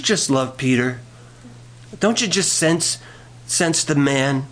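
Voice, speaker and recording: A man's voice: a little high, takes it slowly, a bit bright. A male pastor preaching a sermon in a folksy way, telling jokes and reading scripture aloud.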